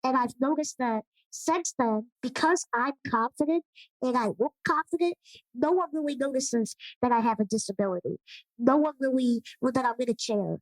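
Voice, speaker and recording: A woman's voice: high-pitched, moderate pace, dry recording, low-quality recording. A woman guest on a podcast, chatting casually and often murmuring in agreement. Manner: warm, affirming, with frequent agreeing murmurs. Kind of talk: casual conversation.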